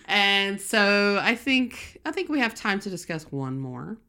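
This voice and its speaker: A woman with a Southern US accent co-hosting a casual podcast, playful and quick to laugh, drawling her slang. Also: mid-range voice, very animated, pushed and bright, smooth. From American South. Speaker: podcast co-host. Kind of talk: casual chat.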